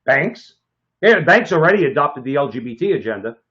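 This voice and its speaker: A man's voice: mid-range voice, sing-song, fairly quick, fairly bright tone. A man co-hosting a political talk show, speaking emphatically and often adding "okay?" for stress. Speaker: co-host. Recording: slightly dull lo-fi sound.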